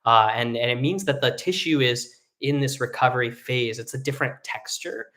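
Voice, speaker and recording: A man's voice: medium pitch, moderate pace, bright, forceful tone. Guy vocal coach, tenor, chatty and loose, hums and sings bits to show stuff. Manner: explains casually, demonstrates hums and sung vowels. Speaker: singing teacher. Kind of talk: live vocal lesson.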